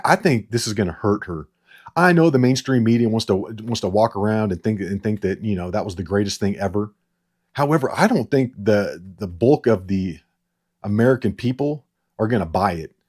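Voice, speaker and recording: Short on sleep, a man with a lowish, husky voice rambles through casual political commentary. He's sarcastic, does mocking impressions, repeats words and laughs at his own jokes.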